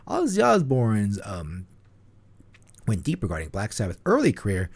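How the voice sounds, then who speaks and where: A man's voice: on the low side, huge pitch swings, normal speed, husky. A man co-hosting a casual metal podcast, joking and rambling with many fillers. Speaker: podcast co-host. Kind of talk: casual chat.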